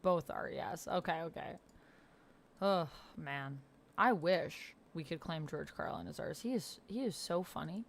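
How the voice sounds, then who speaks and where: A bubbly woman chatting with her live-stream viewers from home. She rambles cheerfully, laughs easily and jumps up in pitch whenever something catches her off guard. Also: a little slow, gravelly. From Canada. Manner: bubbly and rambling, reads chat aloud, laughs often; pitch leaps up when surprised. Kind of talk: casual live-stream chat.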